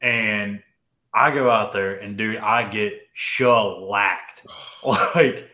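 A young man co-hosting a podcast, telling a personal story in casual chat, animated and full of "dude" and "like". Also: lowish voice, slow, echoey room. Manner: animated, says "dude" and "like" often. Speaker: podcast co-host.

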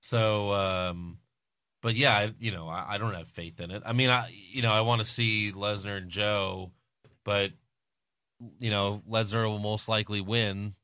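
Bright-voiced man chatting casually. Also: on the low side, steady tone, unhurried, smooth, no echo, studio quality. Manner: rambling, hedging with "like" and "you know". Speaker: podcast co-host. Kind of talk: casual wrestling chat.

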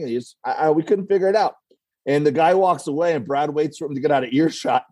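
A man's voice: a little high, fast talker, warm tone, dry recording. A man, a comedian guest on a talk show, telling rambling stories and acting out voices. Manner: rambling storyteller, acts out voices in quotes. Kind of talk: casual talk show anecdotes.

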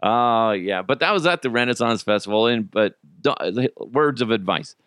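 A man's voice: mid-range voice, lively intonation, moderate pace, fairly bright tone, clean tone, dry recording, clean studio sound. A man hosting a podcast, telling stories in a casual, profane way and laughing often. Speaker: podcast host. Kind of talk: casual storytelling.

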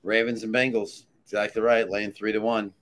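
Male handicapper, very low voice, emphatic and sure of his calls. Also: little pitch movement, normal speed, a bit bright. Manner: assured, emphatic pick-maker. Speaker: sports handicapper, panelist. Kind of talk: casual sports talk.

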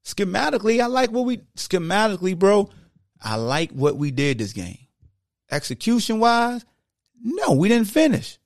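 Gravelly man breaking down football. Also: high voice, moderate pace, dry recording, clean studio sound. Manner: animated, coaching, demonstrative; slangy, conversational. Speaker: podcast host. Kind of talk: casual football film breakdown.

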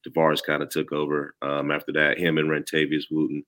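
Man, very low voice, Southern country accent, laid-back, rambling, casual podcast chat. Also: monotone, brisk, fairly bright tone. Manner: laid-back, rambling, many "you know" fillers. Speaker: former player, podcast guest.

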